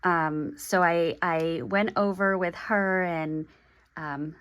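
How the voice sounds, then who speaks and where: A woman in her forties talking through an unboxing vlog, halting and hesitant, with many pauses and restarts. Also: lowish voice, steady tone, fairly bright tone, clean tone. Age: 40s. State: emotional, getting teary. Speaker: stationery vlogger.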